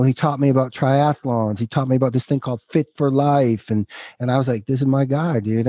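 A middle-aged man telling his personal story as a podcast guest, casual and candid, calling the host "dude" and pausing when emotional. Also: medium pitch, mellow, no room sound, clean studio sound. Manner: casual, says dude, halting and emotional at times.

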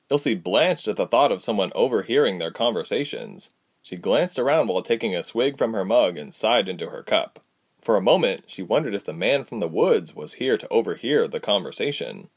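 A man narrating a storybook, reading with lively character voices. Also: lowish voice, moderate pace. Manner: very animated, expressive delivery. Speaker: audiobook narrator.

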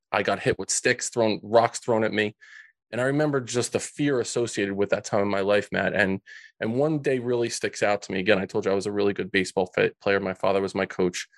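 With no room sound around him, a podcast guest with a fairly low pitch opens up in an interview about a painful childhood. His storytelling is emotional and earnest, broken by frequent sentence restarts.

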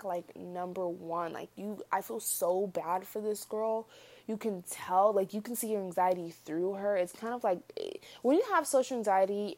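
A young woman with a medium-pitched, somewhat dark voice hosts a casual commentary vlog. She talks straight to her viewers in a chatty way, calls them y'all, and uses lots of fillers.

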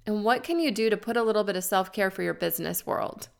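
A woman in her thirties, a podcast host giving earnest, encouraging coaching to listeners and slowing down to stress key words. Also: medium pitch, creaky.

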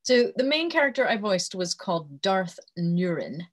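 A woman voice actress talks as a guest on a call, sounding friendly and quick to laugh. Her pitch sits in an ordinary middle range. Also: big pitch swings. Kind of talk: casual interview chat.

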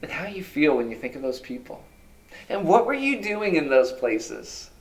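A male pastor preaching a sermon, asking many rhetorical questions and moving between loud emphasis and hushed, quiet lines. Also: fairly high pitch, sing-song, moderate pace.

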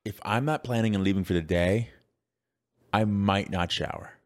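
A man's voice: on the low side, normal speed. A man co-hosting a casual podcast chat, rambling with many fillers and restarts and laughing easily. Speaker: podcast co-host.

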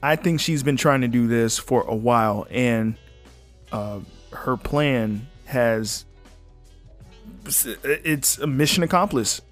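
On his solo podcast, a young man offers casual commentary, reading news stories out loud and interjecting blunt personal takes. He talks slowly in a mid-range voice over soft background music.

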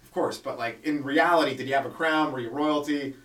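A man's voice: medium pitch, brisk, fairly bright tone, echoey room, distant mic. A man doing a loose, profane comedy podcast monologue, full of rhetorical questions. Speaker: stand-up comedian podcast host.

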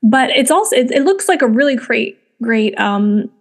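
Young woman podcaster, slightly high voice, rambly and chatty, lots of likes and you knows. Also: expressive, moderate pace. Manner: chatty, many fillers and restarts. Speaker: podcast host. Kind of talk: casual spoken commentary.

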